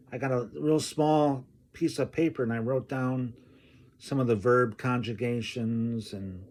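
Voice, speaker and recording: A man telling a personal story from his school days, slow and halting, often clearing his throat. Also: medium pitch, darkish tone. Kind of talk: personal anecdote told slowly.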